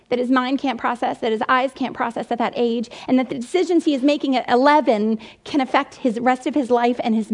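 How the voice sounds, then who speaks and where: A woman's voice: sits high, a little mellow. A woman in her forties giving an earnest, emotional faith talk full of personal parenting stories.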